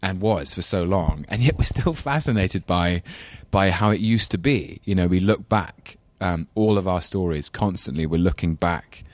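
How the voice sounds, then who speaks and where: A man with a low voice and an English London accent muses at length, stopping and restarting his sentences. He laughs easily and pokes fun at himself. The sound is dry and close. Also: moderate pace, few pauses, no echo. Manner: thoughtful, rambling, self-deprecating, laughs often. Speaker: actor guest. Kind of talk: casual interview chat.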